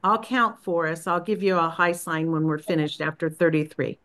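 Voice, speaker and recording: A woman leading a group practice on a video call, speaking in a gentle, unhurried and encouraging way. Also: low-pitched. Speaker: spiritual practice leader. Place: Florida.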